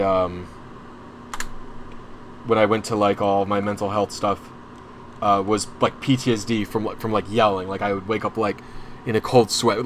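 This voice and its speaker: A man's voice: on the low side, a little hiss or hum. A young man streaming, telling a long personal story in casual chat, rambling and restarting often, sounding anxious and frustrated. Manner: rambling, full of restarts and asides; openly anxious and frustrated as he recounts.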